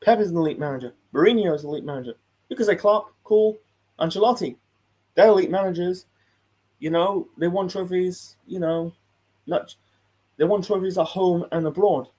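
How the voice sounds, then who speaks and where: A man's voice: high voice, moderate pace, dark tone. A man hosting a casual live stream, reacting to a video with a rambling, repetitive, heated and sweary manner. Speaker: host reacting to a football video.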